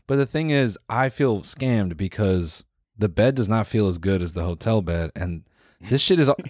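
A man's voice: fairly low pitch, animated, normal speed, darkish tone, no room sound, clean studio sound. A man co-hosting a podcast, chatting in a casual, slangy way and telling stories from school. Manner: casual, slangy storyteller who says "bro" and "dude". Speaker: podcast co-host.

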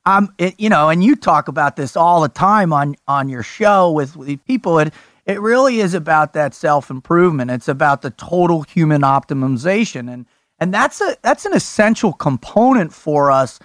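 A man hosting a podcast, hyped and loud, laughing often and swearing freely. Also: on the high side, animated, normal speed, dry recording, studio quality. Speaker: podcast host. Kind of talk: energetic podcast conversation.

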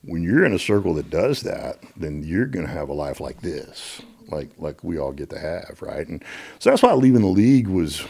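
A middle-aged American man with a very deep, husky voice tells stories in a casual interview. He speaks with energy and often repeats words as he builds to a point. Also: normal speed. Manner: animated, repeats words when excited. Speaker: guest.

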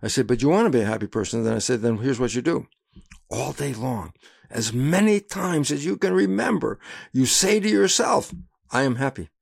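An older man speaks with a gravelly, rough-edged voice at a middle pitch. He is a guest in a casual interview. He tells his anecdotes with animation, acting out voices and laughing along with them. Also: expressive, moderate pace, a little mellow.

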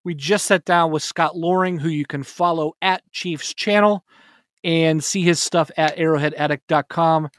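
A man's voice: on the high side, steady tone, a bit bright, no echo, studio quality. A man hosting a casual sports podcast, jokey and upbeat. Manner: jokey, upbeat, quick laughs. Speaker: podcast host.

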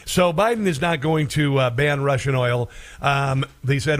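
A man's voice: medium pitch, a little slow. A man hosting a political commentary show, sarcastic and rambling, with many filler sounds.

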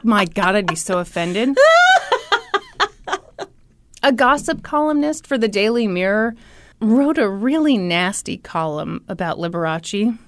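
A woman's voice: medium pitch, animated, unhurried, long pauses, no echo. A woman co-hosting a podcast in casual chat, joking bawdily at her own expense and swearing freely. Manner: bawdy, self-mocking, swears freely. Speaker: podcast co-host.

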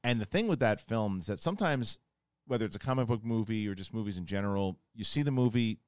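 A male host in casual film review chat, rambling with restarts and animated bursts. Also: on the low side, fast, smooth, no room sound, clean studio sound. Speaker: podcast host.

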